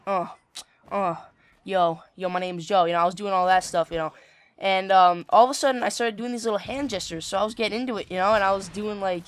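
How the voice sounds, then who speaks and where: Rambling teenage guy telling a story. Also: high voice. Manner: rambling, filler-heavy, swears casually. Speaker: gaming channel host. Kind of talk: casual storytelling over gameplay.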